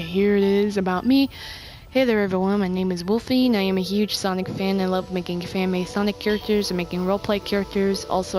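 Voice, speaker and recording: Female game vlogger, home recording, mid pitch, rambling restarts, faint game music behind. Casual commentary. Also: darkish tone. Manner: rambling, halting, with many restarts. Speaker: game video creator.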